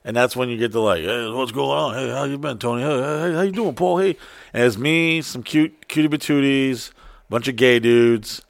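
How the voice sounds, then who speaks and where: A man's voice: mid-range voice, normal speed, vocal fry, dry recording, clean studio sound. A man telling stories in casual chat, swearing often and acting out the people he quotes. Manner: profane, animated, acts out quotes.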